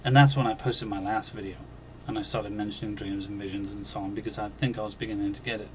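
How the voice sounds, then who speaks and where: A man hosting a Christian channel, earnestly recounting a dream as personal testimony, halting and restarting, and growing emphatic on key points. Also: on the low side, fairly even intonation, slight background noise. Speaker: Christian video channel host.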